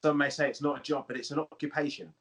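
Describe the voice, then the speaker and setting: A man's voice: on the high side, fairly even intonation, fast, fairly bright tone. A man co-hosting a podcast, chatting in a laid-back, rambling way full of slang. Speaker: podcast co-host. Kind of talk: casual chat.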